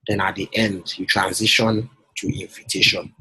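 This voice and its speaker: A man's voice: on the low side, steady tone, normal speed, sharp tone, slightly rough, no room sound, poor audio. A man coaching a client on a call, persuasive and often checking that she follows. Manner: persuasive, repeats himself, checks for understanding. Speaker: business coach.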